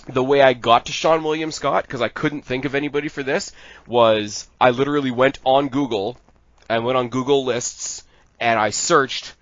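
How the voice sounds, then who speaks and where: A man's voice: mid-range voice, fairly bright tone, no echo. A man in a casual fan-casting chat, rambling and crude, laughing often. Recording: dull lo-fi sound.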